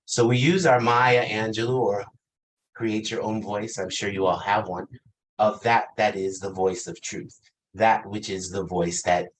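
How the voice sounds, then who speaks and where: Low-voiced man giving a reflective sermon. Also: steady tone, unhurried, slight background noise, rough recording. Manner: reflective, asks questions, laughs lightly. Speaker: pastor.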